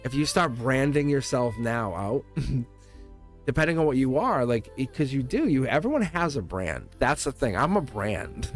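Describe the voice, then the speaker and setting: A middle-aged man with a Boston accent leads a live tarot reading in a chatty, straight-shooting way, often breaking into giggles. His voice swings up and down with lively energy. Faint music plays behind him. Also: mid-range voice, a little slow. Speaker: tarot reader.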